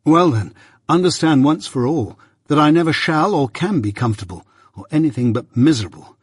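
A man's voice: a little high, expressive, fairly quick, slightly rough, dry recording, clean studio sound, pitched above the performer's own voice. A man voicing a restless, discontented young apprentice who speaks earnestly and impatiently in an audiobook. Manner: earnest, impatient and self-pitying. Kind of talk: audiobook character voice.

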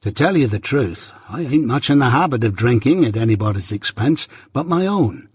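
A man reading the part of a simple, kindly village blacksmith who talks slowly and plainly. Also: medium pitch, lively intonation, breathy edge, dry recording, clean studio sound. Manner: slow, meditative, rustic grammar.

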